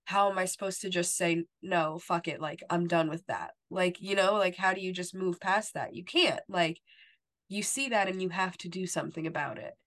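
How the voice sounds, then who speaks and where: A woman's voice: lowish voice, fairly quick, a bit bright. A woman co-hosting a podcast, chatting casually about a TV episode and filling her talk with "like" and "you know". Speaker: podcast co-host. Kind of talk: casual TV recap chat.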